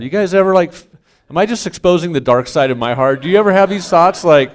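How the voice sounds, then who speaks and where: A middle-aged man, a pastor, telling a candid family story to a congregation, self-mocking and swinging from quiet asides to loud punchlines. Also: mid-range voice, lively intonation, brisk, gravelly. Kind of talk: storytelling sermon.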